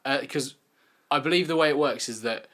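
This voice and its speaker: A man's voice: mid-range voice, fairly quick, sharp tone. A young man co-hosting a podcast, with a mid-range voice. He talks in a loose, chatty way and drops dry, sarcastic asides. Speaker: podcast co-host. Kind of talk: casual chat.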